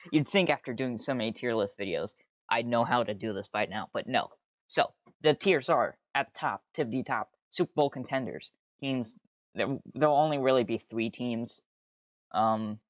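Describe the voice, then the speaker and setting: A man's voice: fairly low pitch, dry recording, studio quality. A young man streaming casually, rambling and easily sidetracked, swearing freely with exasperated outbursts. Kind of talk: casual live-stream commentary.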